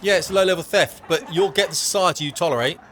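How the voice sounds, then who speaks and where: A man's voice: a little high, fast talker, a bit bright, slight background noise. A middle-aged man from Britain giving blunt, emphatic, slangy commentary as a vlogger. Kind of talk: opinionated commentary.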